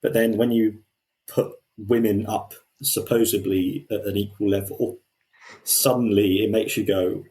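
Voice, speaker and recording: Male podcast co-host, deep voice, lively, restarts sentences. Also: measured pace. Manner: animated, quotes people in put-on voices, frequent restarts. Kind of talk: casual discussion.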